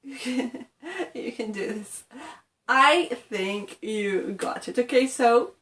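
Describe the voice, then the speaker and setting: A woman's voice: on the high side, expressive, takes it slowly, fairly bright tone, echoey room. A woman from England teaching English pronunciation in an encouraging tutorial, often checking in with "okay" and demonstrating sounds.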